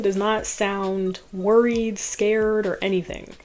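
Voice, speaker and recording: A woman's voice: medium pitch, normal speed, a little mellow. Chatty woman recapping a movie. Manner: chatty, laughs often, filler "like". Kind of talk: casual storytelling recap.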